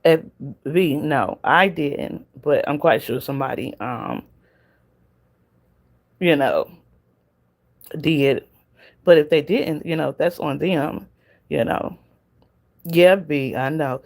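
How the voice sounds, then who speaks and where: Gravelly Southern woman venting on a livestream. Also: low voice, slow, pauses often. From Southern United States. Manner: chatty, talks straight to viewers in the chat, laughs often. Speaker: livestream host. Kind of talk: casual venting livestream chat.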